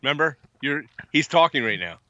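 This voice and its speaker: A man's voice: on the high side, lively intonation, brisk, sharp tone, no echo, highs cut off. A man co-hosting a podcast in casual chat, mostly chiming in with short, teasing reactions. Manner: brief reactive interjections, teasing. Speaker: podcast co-host.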